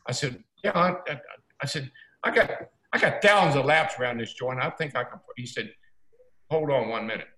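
Older male storyteller, folksy and animated, echoey room. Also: mid-range voice, a little fast. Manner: folksy, animated, acts out quotes. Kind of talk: casual storytelling.

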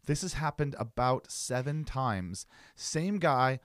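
An animated man co-hosting a podcast, his voice swinging up and down as he tells a story. He puts on quick voices for the people in it. The sound is dry and close. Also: medium pitch, no echo. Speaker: podcast co-host. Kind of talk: casual chat, storytelling.

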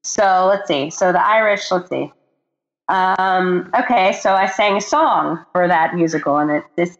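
A woman's voice: fairly low pitch, measured pace, lo-fi sound. A woman from Texas, an actress and producer, chatting as an interview guest, friendly and a bit hesitant with fillers. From Texas, USA. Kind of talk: casual interview chat.

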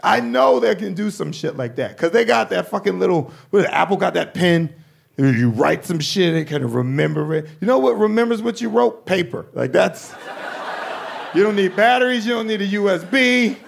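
Gravelly high-voiced stand-up comedian, a man. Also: moderate pace. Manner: profane, animated, acts out quoted voices with shouts. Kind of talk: stand-up routine.

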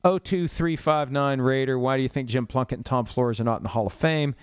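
A man's voice: medium pitch, fairly quick, clear, resonant tone, no echo, highs cut off. A man in his fifties hosting a sports talk podcast alone, rambling and opinionated with a self-mocking streak. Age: 50s. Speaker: sports radio podcast host. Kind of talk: solo talk show monologue.

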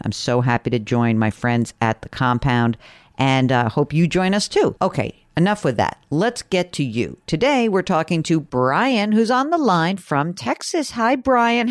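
A woman's voice: deep voice, no echo, studio quality. A woman hosting a radio call-in show, chatty and joking with callers. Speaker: host.

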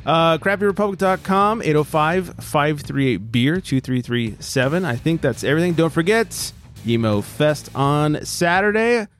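A man's voice: a little high, expressive, moderate pace, soft background music. A man hosting a casual podcast, reading a news story and joking, laughing often. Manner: laughs often, puts on mock tough-guy voices. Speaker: podcast host.

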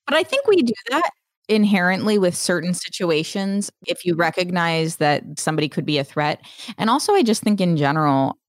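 A young adult woman hosting a podcast in casual chat, frank and quick to laugh, swearing freely. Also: fairly low pitch, big pitch swings, dry recording, clean studio sound. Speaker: podcast host.

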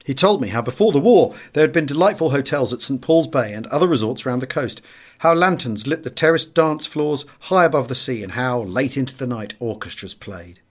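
A man narrating an audiobook in the first person, measured and expressive. His voice sits at an ordinary middle pitch for a man, and the reading moves at an unhurried pace. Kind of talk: audiobook narration of a wartime memoir.

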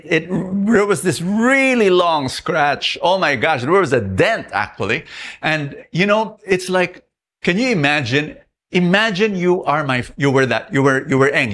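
Animated Filipino man preaching a devotional. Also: on the high side, a little hiss or hum. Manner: animated storytelling, repeats words and restarts. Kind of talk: Christmas devotional sermon.

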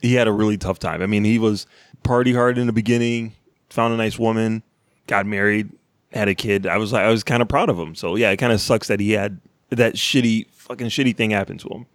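A man co-hosting a podcast in casual chat, enthusiastic and animated, swearing freely. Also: on the low side, brisk, dry recording, clean studio sound. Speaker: podcast co-host.

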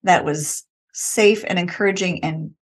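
A woman speaks as a guest on a casual interview show. She talks about teaching in an earnest, reflective way and sometimes acts out excited little voices from her classroom. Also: fairly low pitch, unhurried, husky. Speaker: elementary art teacher, guest.

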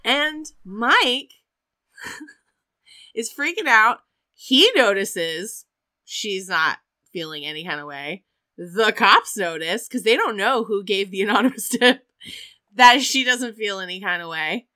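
A woman casually retelling a story to a friend, acting out the people in it with lots of "like" and sudden loud bursts. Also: medium pitch, slow. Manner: animated, acts out quoted characters, lots of "like". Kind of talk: casual chat.

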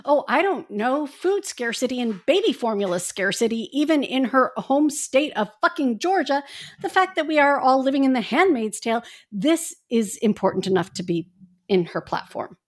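A woman with a faint Indiana accent co-hosting a casual podcast, sarcastic and quick to swear. Her voice sits a little high, and she rants with dry mockery. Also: animated. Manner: sarcastic, profane ranting. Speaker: podcast co-host.

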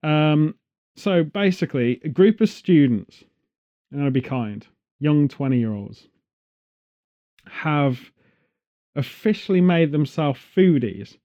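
English male host, higher-pitched, sarcastic comic rants; dull lo-fi recording. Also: lively intonation, takes it slowly, pauses often, dark tone. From England. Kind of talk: casual chat.

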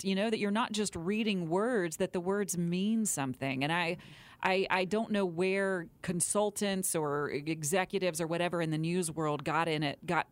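A woman co-hosting a morning talk radio show, talking in an expressive, animated way and laughing easily. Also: fairly low pitch, no room sound.

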